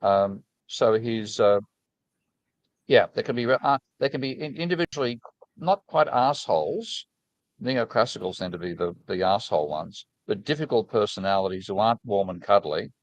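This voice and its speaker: A man with a low voice, chatting casually as host and wandering through stories with plenty of false starts. He sounds frank and enthusiastic, recorded close and dry. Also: no room sound, rough recording. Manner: rambling, restarting anecdotes. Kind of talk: casual conversation.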